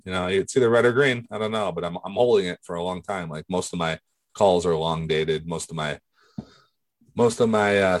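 A man's voice: deep voice, no room sound. A man co-hosting a podcast, chatting casually and rambling with many restarts. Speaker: podcast co-host.

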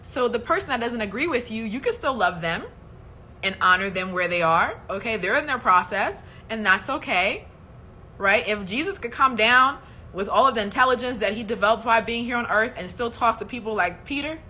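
A woman's voice: a little high, expressive, moderate pace, pushed and bright, a little hiss or hum. A woman hosting a casual faith livestream, speaking in an emphatic, preachy way and often checking in with "okay?". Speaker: host.

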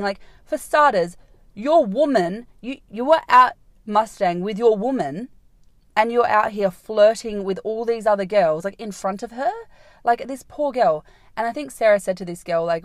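A woman's voice: mid-range voice, fairly quick, no room sound. A young woman, hosting a podcast and telling a rambling night-out story, packed with "like" fillers and swearing. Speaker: podcast host. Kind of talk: casual storytelling monologue.

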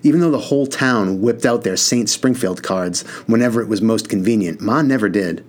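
A male audiobook narrator reads a first-person novel aloud, earnest and casual, with some mild swearing. His voice is on the low side and moves at a normal speed.

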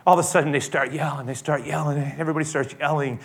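A male pastor preaching a sermon in an animated, storytelling way with frequent restarts. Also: on the high side, racing, vocal fry.

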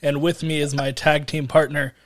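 A man co-hosting a casual podcast, joking and laughing often and thinking out loud as he goes. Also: a little high, little pitch movement, moderate pace. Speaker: podcast co-host.

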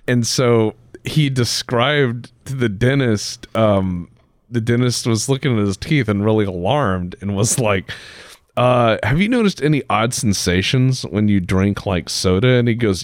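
A man's voice: fairly low pitch, lively intonation, measured pace, dry recording, clean studio sound. A man hosting a casual podcast, telling rambling stories full of fillers and restarts. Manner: rambling storyteller, many fillers. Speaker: podcast host. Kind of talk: casual chat.

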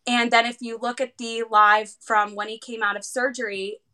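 A woman with a bright, clear tone and a somewhat high voice tells a long personal story in an interview. She is animated and often pauses on fillers. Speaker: guest, heart patient's parent.

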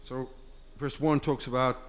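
A man's voice: mid-range voice, flat delivery, measured pace. Impassioned male pastor in a reverberant hall. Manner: impassioned, swinging from loud urging to hushed intimate talk. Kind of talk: sermon. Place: church sanctuary. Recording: long hall reverb with faint music.

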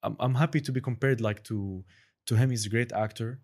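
A man's voice: medium pitch, fairly quick, darkish tone. A man in his thirties, a guest in a casual interview, rambling and searching for words.

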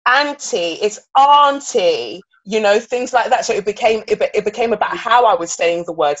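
A guest in their thirties from England, speaking earnestly and reflectively in an interview, often restarting sentences. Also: medium pitch. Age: 30s. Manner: earnest, searching, with frequent restarts. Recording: slightly dull recording.

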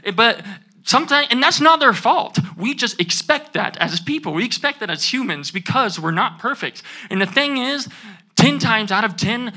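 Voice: medium pitch, bright, forceful tone. A young adult student giving an earnest sermon, repeating key phrases and asking the audience to say them back. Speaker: student speaker.

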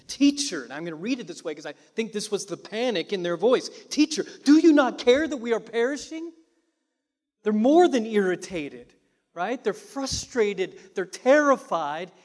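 A man preaching a sermon as pastor, dramatic and swinging from loud emphasis to hushed, quiet phrases. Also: sits high, big-room sound.

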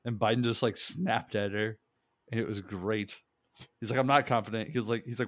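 A man's voice: medium pitch, normal speed, no room sound, studio quality. A man chatting casually on a podcast, rambling and laughing often, swearing freely. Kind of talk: casual chat.

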